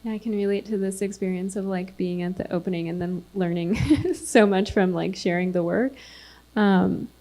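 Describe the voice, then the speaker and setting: A woman's voice: medium pitch, normal speed, dark tone, a little hiss or hum. Casual woman artist, full of "like". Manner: casual, frequent "like" fillers, light laughter. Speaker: panel artist. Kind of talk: casual panel discussion.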